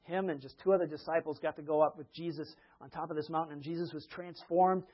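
Husky-voiced man preaching with laughter. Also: a little high, fast talker, highs cut off. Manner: lively, laughs often, acts out quotes. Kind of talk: sermon retelling Bible stories.

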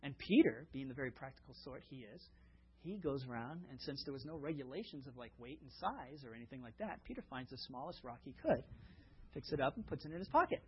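A man's voice: mid-range voice, lively intonation, fairly quick, slight background noise. A man preaching a sermon in a conversational way, with fillers, stories and rhetorical questions, on a dull lo-fi recording. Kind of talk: sermon with storytelling.

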